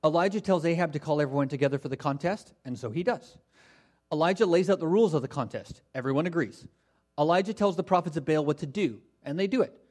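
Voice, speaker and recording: A man's voice: fairly high pitch, animated, fast talker, a little mellow. A male pastor preaching a sermon, reading scripture and mocking the false prophets with humorous asides.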